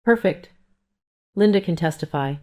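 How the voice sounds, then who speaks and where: A woman reading the lines of a calm, businesslike male family lawyer. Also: lowish voice, natural voice. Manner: measured, reassuring, businesslike.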